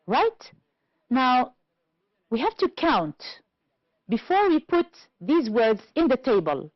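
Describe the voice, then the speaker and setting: A woman from Algeria leads a televised English lesson in a fairly high, very animated voice. She talks slowly and deliberately, leaning on the stressed syllables. The sound is dry and a little dull, like an old broadcast. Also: no room sound. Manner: slow, clear teacherly delivery, stressing words. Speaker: English teacher.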